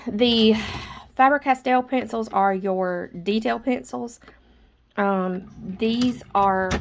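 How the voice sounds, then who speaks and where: A chatty woman walks through her art supplies in an easygoing vlog, a little out of breath, with plenty of filler words. Her voice has a gravelly, fry-tinged edge, and a faint hiss sits under the recording. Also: medium pitch. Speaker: artist showing her drawing supplies. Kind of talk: casual show-and-tell vlog.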